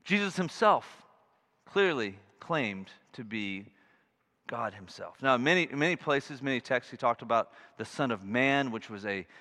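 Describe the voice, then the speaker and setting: A middle-aged male pastor preaching a sermon, earnest, shifting from loud emphasis to quiet asides. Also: medium pitch, expressive, unhurried. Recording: long reverb of a large hall.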